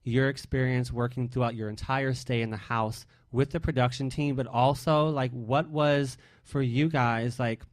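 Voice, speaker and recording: Expressive guy hosting a radio chat, ordinary pitch, dead dry mic. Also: normal speed, few pauses, dry recording. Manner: expressive, emotional, rambling questions. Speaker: radio show host. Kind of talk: casual interview.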